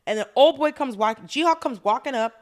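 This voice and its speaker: Woman, podcast co-host, casual chat, animated, acts out scenes, slightly high voice. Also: normal speed. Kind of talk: casual chat recapping a drama.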